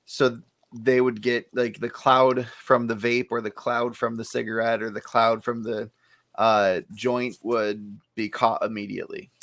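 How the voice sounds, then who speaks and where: A man co-hosting a casual podcast, relaxed and laughing often as he lays out long fan theories. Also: medium pitch, unhurried, no room sound. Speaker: podcast co-host. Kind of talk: casual chat.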